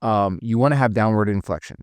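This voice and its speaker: Man, sales trainer, casual lesson, fairly low voice, dry close recording. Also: brisk, smooth, dry recording. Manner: conversational, restarts often, demonstrates intonation. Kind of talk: casual spoken training video.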